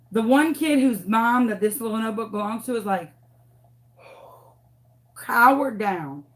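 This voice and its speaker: A woman in her thirties, a former teacher telling a dramatic story casually during a craft tutorial. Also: a little high. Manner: animated, dramatic, acts out what people said.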